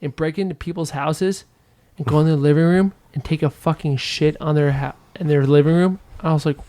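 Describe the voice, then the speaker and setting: Man, high voice, podcast guest, casual profane storytelling, laughs while talking. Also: fairly even intonation, brisk, dark tone. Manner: profane, laughs through his stories.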